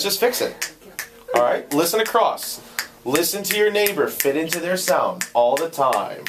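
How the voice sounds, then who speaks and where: A young man with a slightly hoarse voice, coaching a trumpet section in rehearsal. He sings the rhythms to demonstrate and counts the players in. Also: fairly high pitch, big pitch swings, moderate pace, very noisy. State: voice going hoarse. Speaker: ensemble conductor. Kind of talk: rehearsal instruction. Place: band rehearsal room. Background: trumpets playing.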